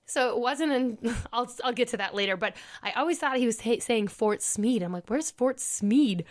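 A woman's voice: fairly high pitch, fairly quick. A young woman from Minnesota hosting a podcast, telling a dating story in a chatty way and laughing often. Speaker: podcast host. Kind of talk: casual storytelling podcast chat.

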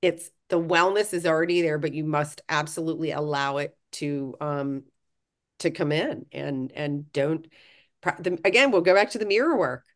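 Low-voiced woman, frank self-help talk. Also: normal speed. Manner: earnest, frank, swears casually. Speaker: podcast co-host. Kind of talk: casual self-help podcast chat.

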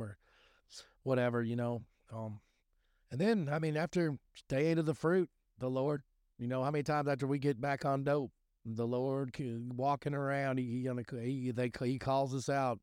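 A man's voice: medium pitch, flat delivery, fairly quick, darkish tone, clear, resonant tone, no room sound, studio quality. A man giving a rambling, folksy talk on scripture and recovery, full of restarts and fillers. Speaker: recovery podcast host.

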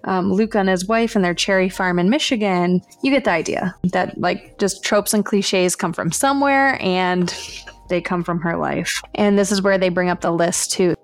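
A woman co-hosting a book podcast, recapping the plot in a relaxed way full of "like" and "you know". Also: fairly low pitch, normal speed. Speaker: podcast co-host. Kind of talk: casual book review chat.

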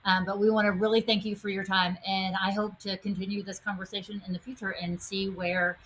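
A woman co-hosting a podcast speaks with animated energy, drawing her point out into a long picture. Her voice sits in an everyday middle range, with a faint bed of noise behind it. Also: mid-range voice, fairly quick, poor audio. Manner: animated, fond of extended metaphors. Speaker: podcast co-host. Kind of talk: casual podcast conversation.

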